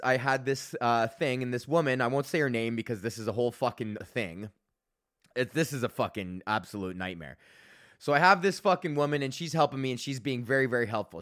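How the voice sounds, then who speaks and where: A man's voice: mid-range voice, fairly bright tone. A young man hosting a podcast, telling a story in a casual rambling rant full of swearing, fillers and restarts. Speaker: podcast host. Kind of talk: casual ranting monologue.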